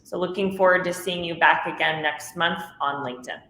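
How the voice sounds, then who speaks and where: A woman hosting a show, asking brisk rapid-fire questions and then closing it out. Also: lowish voice, steady tone, pushed and bright, echoey room, a little hiss or hum, rough recording. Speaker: podcast host. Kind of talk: interview.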